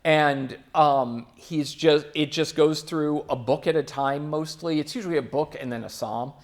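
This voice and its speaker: Chatty young man giving a casual sermon. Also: fairly high pitch. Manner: chatty, with fillers and quick asides. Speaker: church speaker.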